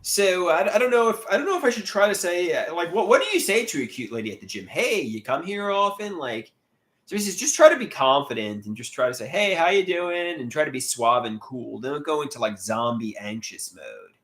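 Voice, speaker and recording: A man's voice: medium pitch, sing-song, fairly quick, fairly bright tone. A man hosting a casual livestream, reading viewer comments aloud and answering them, often repeating words and restarting as he goes. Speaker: livestream host.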